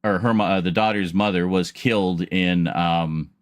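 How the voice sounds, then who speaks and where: A man's voice: low-pitched, steady tone, moderate pace, no room sound. A man streaming a casual chat, telling a long story in a rambling way with laughs and restarts.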